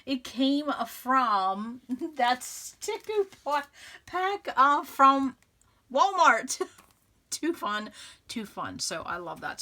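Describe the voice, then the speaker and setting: A woman's voice: mid-range voice, pushed and bright. A woman hosting a scrapbooking tutorial, chatting casually and upbeat as she works, laughing often and thinking aloud. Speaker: scrapbooking channel host. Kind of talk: casual crafting tutorial narration.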